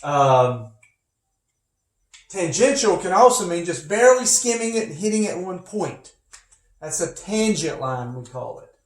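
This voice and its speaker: A man's voice: high-pitched, big pitch swings, measured pace. A man teaching physics from home, talking casually and rambling into asides. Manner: rambling, chatty, with many asides. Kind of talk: casual recorded lecture. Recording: echoey room, faint noise.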